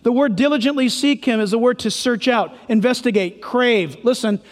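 A man's voice: very high voice, moderate pace, in a large hall. A male pastor preaching a sermon, emphatic and full of rhetorical questions.

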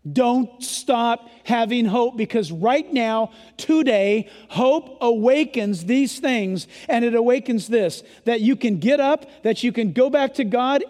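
A male pastor delivers an emphatic sermon in a very high voice, sometimes raising it to a yell. His words ring out with the long reverb of a large church sanctuary during a service. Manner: emphatic preaching, yelling at times.

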